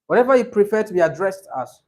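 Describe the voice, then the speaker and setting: Male tutor, higher-pitched, patient and repetitive coaching delivery. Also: expressive, quick pace, darkish tone. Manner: explains patiently, repeats examples, laughs easily. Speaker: IELTS speaking tutor. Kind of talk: classroom coaching.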